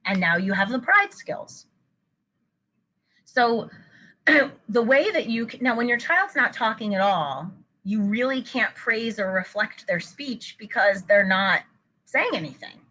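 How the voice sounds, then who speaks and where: A woman's voice: on the high side, animated, unhurried, bright, forceful tone, muffled recording. A woman therapist giving a webinar lesson for parents, explaining and modeling upbeat praise phrases. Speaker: child anxiety therapist. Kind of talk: webinar presentation.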